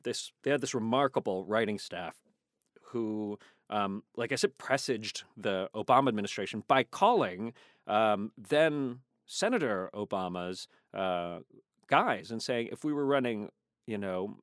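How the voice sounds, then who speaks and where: A man, an actor guest, telling lively behind-the-scenes stories in a casual interview, quoting people as he goes. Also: lowish voice, a little slow, no room sound, studio quality. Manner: animated storyteller, quotes others in changed voices.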